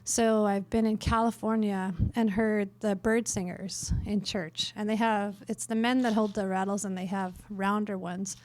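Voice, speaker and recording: A middle-aged woman from northern Canada telling stories at a worship workshop, lively and self-mocking, with many fillers. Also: medium pitch, normal speed, few pauses. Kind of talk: storytelling in a conference talk. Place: conference workshop room.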